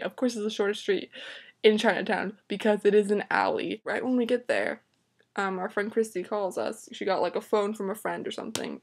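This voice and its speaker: A woman's voice: mid-range voice, fairly quick. Exasperated young woman telling a story. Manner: dramatic, exasperated, swears freely, lots of "like". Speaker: vlogger. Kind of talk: casual storytelling vlog.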